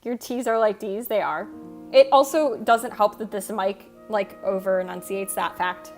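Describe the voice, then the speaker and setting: A woman's voice: mid-range voice, normal speed. An American woman with a Michigan accent, chatting casually on a livestream and answering her chat in a chatty, self-teasing way. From United States. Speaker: streamer. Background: faint background music.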